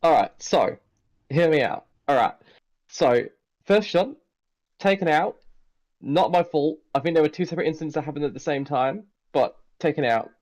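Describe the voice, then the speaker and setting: An Englishman joins a stream as a guest driver, telling his crash story with animated, self-mocking energy. His voice sits somewhat high and rises as he acts out his confusion. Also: moderate pace. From England.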